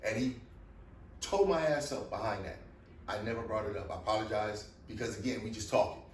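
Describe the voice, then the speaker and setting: A man's voice: on the low side, fairly quick. A middle-aged man telling stories in casual podcast chat, blunt and profane. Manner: blunt, profane storyteller, animated. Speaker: guest, father of the host. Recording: roomy echo, distant mic, faint noise.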